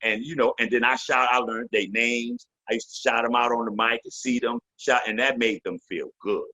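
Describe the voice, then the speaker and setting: A man's voice: medium pitch, fairly even intonation, moderate pace, bright, forceful tone. A man in his fifties, a veteran MC guest in a casual interview, telling loose, profane stories and slipping into the voices of the people he quotes.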